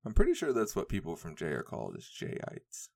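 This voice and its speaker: A man's voice: sits low, wildly swooping pitch, fairly quick, gravelly, darkish tone. A young man hosting a podcast, chatting casually on his own, rambling and swearing with frequent laughter. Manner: rambling, profane, laughs often. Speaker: podcast host. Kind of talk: casual solo podcast chat.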